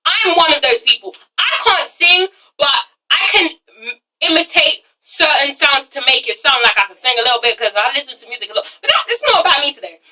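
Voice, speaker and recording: A woman's voice: sits high, very animated, fairly quick, sharp tone, recorded from a distance, rough recording. A young woman hosting a casual TV review vlog, rambling and blunt, with a habit of ending lines with a questioning "okay?". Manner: rambling, keeps tagging sentences with a questioning "okay?". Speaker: TV review vlogger.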